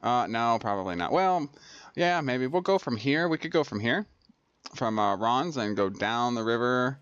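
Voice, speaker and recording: Man, gameplay host, thinks aloud with fillers, mid pitch, dry lo-fi desk mic. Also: animated, moderate pace, fairly bright tone, clean tone, dry recording. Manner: rambling, many fillers and restarts. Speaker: gaming video host. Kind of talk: casual let's-play commentary.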